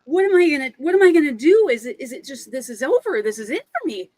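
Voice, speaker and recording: A woman's voice: sits high, expressive, takes it slowly, a little mellow, slightly rough, pitched above the performer's own voice, full character voice, rough recording. A woman voicing an earnest male pirate marathon runner who pleads and panics. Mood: panicked. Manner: anxious, pleading, rising to panic.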